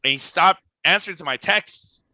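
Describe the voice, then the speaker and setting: A young man from Costa Rica, a band member telling a tour story in a casual, animated way, full of "like" and restarts. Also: sits high, moderate pace, no echo. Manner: animated, swearing, lots of "like" and restarts. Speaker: band member, podcast guest.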